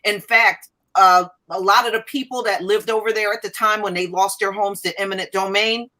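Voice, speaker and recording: A woman speaks in a bright, clear voice at a medium pitch. She is talkative and opinionated, sharing memories and views on a casual podcast. Her tone stays earnest and direct. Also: fairly even intonation, moderate pace, a little hiss or hum. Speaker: podcast co-host. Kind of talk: casual chat.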